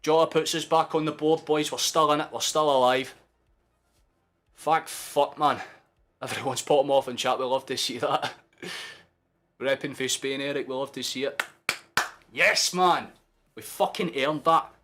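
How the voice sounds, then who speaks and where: A young man commentating a football match live for his stream as a fan, sweary and excitable, erupting into shouts. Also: medium pitch, moderate pace.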